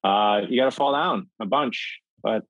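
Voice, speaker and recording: A man's voice: fairly low pitch, unhurried, dry recording, highs cut off. A middle-aged man from Minnesota, a podcast guest telling a personal story in an earnest, candid way. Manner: earnest, animated when acting out quotes.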